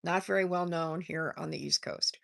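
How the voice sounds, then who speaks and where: A woman's voice: low-pitched, steady tone, normal speed, creaky, fairly bright tone, no room sound, studio quality. Bubbly older woman chatting on livestream. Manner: bubbly, chatty, reads out viewer comments with frequent laughs. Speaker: livestream host. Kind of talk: casual livestream chat. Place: home, on a porch.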